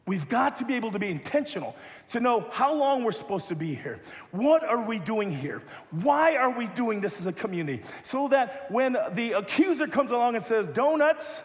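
A man preaching a sermon, leading a playful live object lesson with animated, joking delivery. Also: high voice. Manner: animated, rises to loud exhortation. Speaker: pastor. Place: large church hall. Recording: long reverb of a hall.

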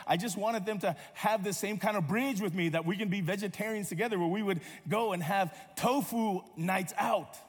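High-voiced man preaching in a reverberant church. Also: husky. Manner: storytelling with playful humor and acted-out quotes. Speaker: pastor. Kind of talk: sermon. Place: church sanctuary.

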